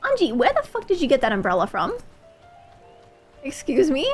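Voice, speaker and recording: A woman with a higher voice chats loosely on a game livestream. Her pitch bounces around a lot, she gets excitable and swears without a second thought, and quiet game music runs faintly behind her. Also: moderate pace, long pauses. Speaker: streamer. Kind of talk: casual gameplay livestream chat.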